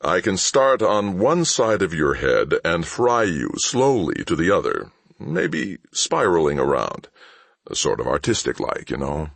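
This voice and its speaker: A man voicing a calm, menacing male shipmaster who makes dryly mocking threats in a conversational tone. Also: low voice, unhurried, vocal fry, no echo, heavily acted. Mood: calm menace. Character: cool, menacing male shipmaster, sardonic and unhurried. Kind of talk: audiobook character voice.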